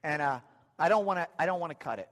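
A man's voice: a little high, lively intonation, quick pace, a bit bright, big-room sound. A man voicing a rebellious teenage boy pleading to keep his long hair, inside a sermon story.

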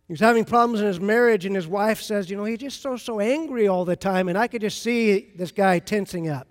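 A man's voice: high voice, a little fast. A man preaching a sermon as pastor, talking to the congregation in a conversational, storytelling way. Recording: long reverb of a large hall.

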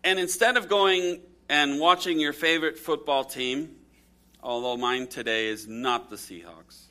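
A man preaching a sermon in a bright, fairly high voice. He tells stories and reads scripture aloud, swinging his pitch and loudness widely for drama. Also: measured pace. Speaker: pastor.

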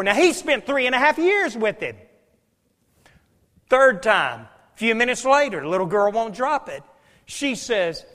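A man preaching a sermon, telling stories animatedly and swinging from loud passages to hushed ones. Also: very high-pitched, very animated, moderate pace. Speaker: pastor. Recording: long hall reverb.

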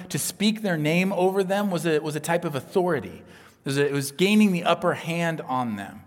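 A man preaching a sermon as pastor, earnest and emphatic, dropping to a hush on key points. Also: fairly high pitch, big-room sound.

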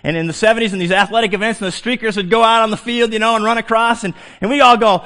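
A middle-aged man preaching a sermon as a pastor, swinging from hushed, slow phrases to emphatic, excited ones. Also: high voice.

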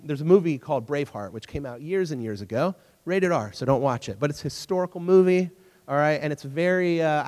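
A man's voice: on the high side, darkish tone, big-room sound. A man giving a casual, conversational sermon to young listeners, retelling a story and acting out its characters along the way.

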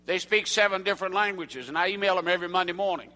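An older Southern American man preaches in a folksy way, calling questions out to the congregation. His voice is high and bright, and it rings with the long reverb of a church sanctuary. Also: fast. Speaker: evangelist. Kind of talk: sermon.

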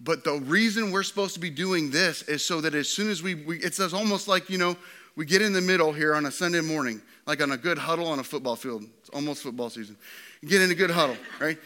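Bright-voiced man preaching a sermon. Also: fairly high pitch, fast. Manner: animated preaching, swings from loud to hushed. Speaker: pastor.

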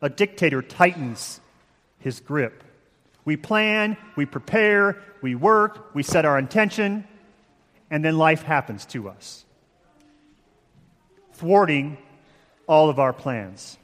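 Preacher with echoey hall sound. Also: male voice, fairly high pitch, lively intonation, fairly bright tone. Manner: measured, emphatic, with slow dramatic pauses. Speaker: pastor. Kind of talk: sermon.

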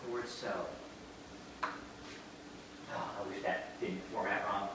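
A man preaching a sermon, moving from quiet asides to slow, emphatic declarations and questioning his congregation. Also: lowish voice, fairly even intonation. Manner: asks the congregation questions and answers back. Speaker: pastor. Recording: echoey hall from far off, faint noise.

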